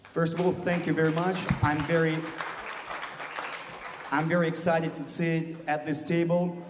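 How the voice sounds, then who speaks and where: Interpreter in an echoey hall. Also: male voice, on the high side, flat delivery, normal speed, crowd noise, noisy background.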